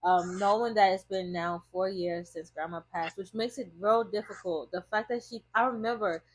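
Husky young woman hosting a podcast. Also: mid-range voice, fairly even intonation, normal speed. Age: young adult. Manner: gentle, rambling interviewer. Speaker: podcast host. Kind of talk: casual chat.

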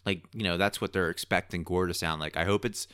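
A man co-hosting a podcast in casual chat, talking in an excitable, rambling way. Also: deep voice, fairly quick, clean tone, dry recording, clean studio sound. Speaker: podcast co-host.

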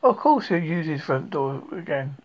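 A reader voicing a kind young boy who is the bear's friend, calm and fond. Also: medium pitch, moderate pace. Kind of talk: storybook reading. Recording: lo-fi recording.

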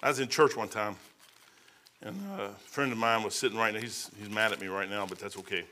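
A man's voice: fairly low pitch, steady tone, sharp tone. A man in his fifties or older giving an informal sermon as a preacher, rambling and conversational, losing his place in his notes and acting out the people in his stories. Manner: acts out the people in the stories with quick changes of voice.

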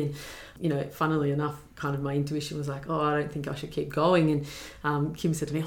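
A young woman with a deep voice and a gravelly edge recounts a personal story as a podcast guest. She is earnest and reflective and pauses on fillers. The room around her is echoey. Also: completely flat delivery.

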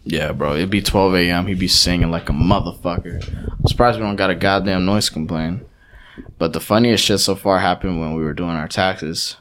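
A man's voice: sits low, moderate pace, background noise. Young man telling stories, swearing freely. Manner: animated storyteller, swears a lot, acts out quotes. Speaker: podcast co-host. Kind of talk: casual chat, storytelling.

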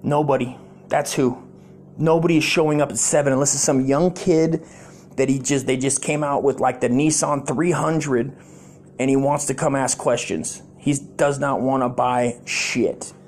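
A man's voice: mid-range voice, fairly even intonation, normal speed, slight background noise. A middle-aged man, telling a rambling, profane comic story. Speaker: comedic storyteller.

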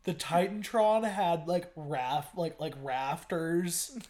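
A young man co-hosting a podcast in casual chat, excited and profane, stumbling and repeating his words as he talks. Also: fairly high pitch, takes it slowly. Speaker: podcast co-host.

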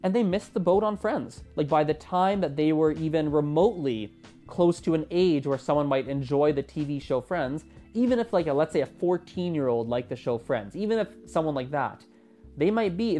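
A podcast host in their twenties, talking casually and with animation on a solo episode. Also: medium pitch. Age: 20s. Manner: chatty and animated, with a lively rising delivery.

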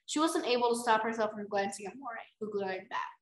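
Young woman reading a book out loud on a podcast, kinda high voice, roomy echo. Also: brisk. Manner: animated, bursts into exclaims and laughs. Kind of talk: reading aloud with chatty reactions. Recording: echoey room.

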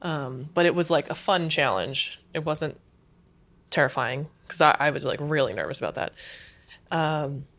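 A woman's voice: low-pitched, moderate pace. Chatty woman in her thirties. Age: 30s. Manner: chatty, says "like" often, animated retelling. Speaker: guest, UX designer. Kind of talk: casual interview chat.

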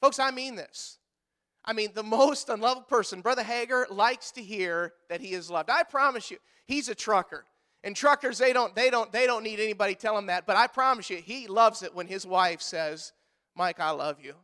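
In a church, a male pastor preaches a sermon with lots of energy, joking with the congregation and acting out quotes in different voices. He has a high voice and speaks at a moderate pace.

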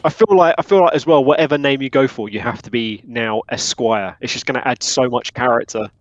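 A man's voice: medium pitch, a little fast, dry recording. A man chatting playfully with friends as a player, eager and joking. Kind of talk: casual chat among friends. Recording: dry, muffled lo-fi recording.

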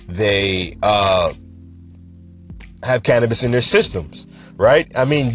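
A man hosting a casual cannabis news show, talking in an animated, chatty and emphatic way. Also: medium pitch.

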